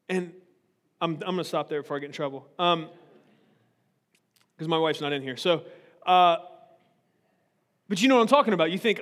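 A high-pitched male pastor delivers a relaxed, joking sermon and keeps checking in with his congregation as he goes. His voice rings out with a long reverb tail, like a recording made in a large church sanctuary. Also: fairly quick, pauses often. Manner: joking, frequently checks in with listeners. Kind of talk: humorous conversational sermon. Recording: reverberant hall.

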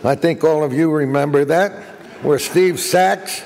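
An older man giving a guest speech, telling jokey anecdotes as an animated raconteur. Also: a little high, measured pace, creaky, in a large hall. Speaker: guest speaker.

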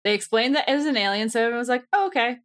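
Podcast woman, kinda high voice, giggly, emphatic. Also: rapid-fire. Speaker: podcast co-host. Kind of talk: casual chat reviewing a TV serial.

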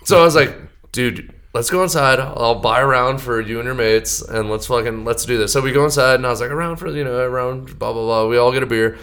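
Young man, casual storyteller, animated and profane, mid-pitched voice. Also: a little fast, clear, resonant tone. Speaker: podcast guest, band member.

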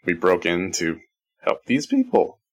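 Male player, lowish voice, practical matter-of-fact tone. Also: huge pitch swings, measured pace, breathy edge. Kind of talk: casual tabletop play.

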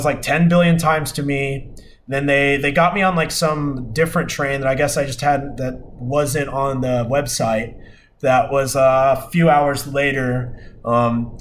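A young man hosts his podcast alone, telling a story in a loose, rambling way full of fillers and false starts. His voice sits a little high for a man. A faint hiss of background noise runs under the recording. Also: fairly bright tone. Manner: rambling, many fillers and restarts, exasperated retelling. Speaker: podcast host. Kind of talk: casual storytelling.

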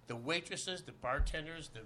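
Bright, animated male storyteller. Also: a little high, moderate pace, slight background noise. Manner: animated, profane, full of "you know". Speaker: guest actor. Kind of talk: animated anecdote in a podcast interview.

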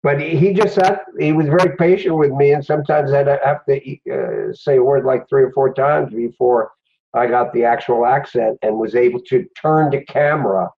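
A man's voice: medium pitch, breathy edge. An older man, an actor guest, reminiscing in casual chat with frequent restarts. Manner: halting, repeats words. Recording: dull lo-fi audio.

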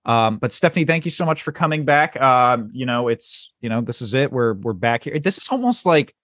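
A man's voice: mid-range voice, lively intonation, brisk, a bit bright, no echo, clean studio sound. A young man hosting a podcast, chatting casually with loose, profane, joking banter. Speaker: podcast host.

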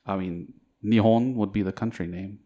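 A man with a fairly low voice, chatting casually as a podcast co-host. He talks in a relaxed, hesitant way, often breaking into laughter. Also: normal speed. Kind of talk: casual chat.

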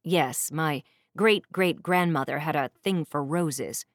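A woman's voice: low voice, takes it slowly, dry recording, clean studio sound. A woman voicing a haughty young prince who speaks curtly and sarcastically in an audiobook. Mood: curt, mocking. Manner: sarcastic, snappish. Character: haughty young adult prince, curt and commanding.

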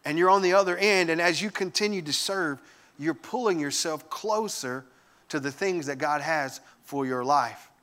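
A man giving a sermon, telling lively family stories with humor and enthusiasm. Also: a little high, moderate pace. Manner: animated storytelling with humor. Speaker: guest preacher.

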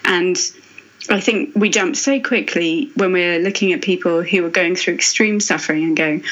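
A woman author speaking as a guest, thoughtful and earnest, pausing and restarting as she reflects on faith. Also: on the low side, a bit bright, dull audio. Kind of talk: reflective faith podcast conversation.

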